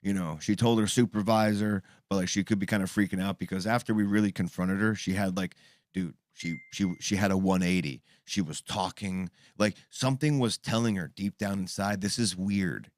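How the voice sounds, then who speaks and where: A man's voice: sits low, moderate pace, dry recording. A man in his thirties telling a story in casual chat, swearing freely and acting out what people said. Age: 30s. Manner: animated, profane, acts out quoted voices.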